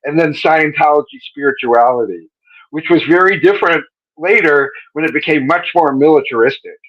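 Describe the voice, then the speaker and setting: A man's voice: on the high side, moderate pace, fairly bright tone. A man hosting a live-stream interview over a video call, chatty, joking and rambling with frequent self-corrections. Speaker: interview host. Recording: dull lo-fi stream audio.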